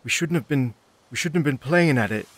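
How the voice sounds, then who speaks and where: A man's voice: mid-range voice, expressive, a little fast, fairly bright tone, pitched above the performer's own voice. A man voicing a frightened, guilt-ridden teenage farm boy protesting in a tabletop game. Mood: distressed. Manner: upset, protesting.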